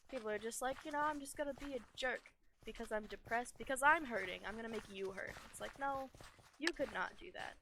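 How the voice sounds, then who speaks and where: A young adult gamer rambles loosely while playing, mocking themself and leaning on filler words. The voice is bright and sharp in tone and sits at a middle pitch. A faint hiss runs under the home desk-mic recording. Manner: rambling, self-deprecating, full of "like" and "you know". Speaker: gaming YouTuber. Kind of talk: casual gaming commentary chat.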